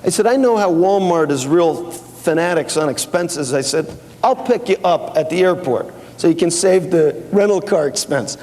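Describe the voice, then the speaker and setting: Speaking animatedly at a normal pace, a man with a fairly high, somewhat mellow voice tells business anecdotes at a company seminar before an audience. He quotes exchanges in a casual, conversational way with fillers and restarts, and the hall adds long reverb.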